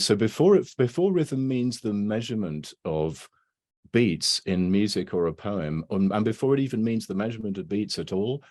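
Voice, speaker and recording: A man's voice: lowish voice, a little mellow. A man giving a casual academic talk over a video call, rambling and tagging his points with "right?" and "you know". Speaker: lecturer.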